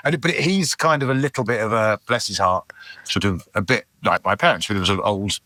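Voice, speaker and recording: Middle-aged comic guest, bright punchy voice, dry close sound, chatty anecdotal delivery full of restarts. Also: male voice, lowish voice, a little fast, no echo. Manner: animated, rambling, many restarts and acted asides. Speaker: podcast guest, comedian. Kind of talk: casual chat, anecdotal storytelling.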